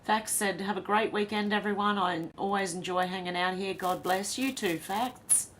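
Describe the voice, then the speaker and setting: A woman born in Ireland hosting a livestream, reading viewer comments aloud and answering with quick, chatty asides. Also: medium pitch, fairly bright tone, slight background noise. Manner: reads comments then reacts with quick asides and laughs. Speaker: livestream host reading chat.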